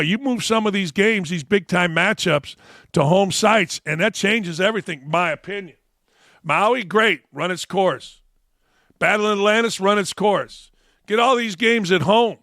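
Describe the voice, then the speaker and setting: A man's voice: high-pitched, pushed and bright, no echo, studio quality. A middle-aged man hosting a sports talk show, ranting bluntly and profanely about the news.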